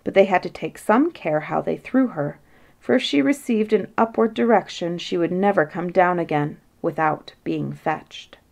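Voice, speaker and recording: A woman reads a bedtime fairy tale aloud in a calm, storybook manner, her voice a little lower than most women's and slightly creaky. Her delivery is gently expressive, and she draws out key phrases slowly for effect.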